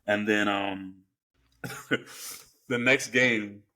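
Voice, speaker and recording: A man's voice: fairly low pitch, fairly even intonation, drawn-out words, sharp tone. Rambling man recapping a film. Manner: rambling, filler-heavy recap. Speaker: podcast co-host. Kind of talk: casual film review chat.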